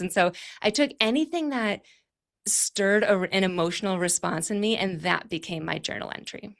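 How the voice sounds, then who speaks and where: A woman's voice: mid-range voice, normal speed, a bit bright. A woman in her thirties, a guest on an interview podcast, speaking reflectively and thinking aloud in long, winding sentences. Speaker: podcast guest, clarity coach. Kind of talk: conversational interview.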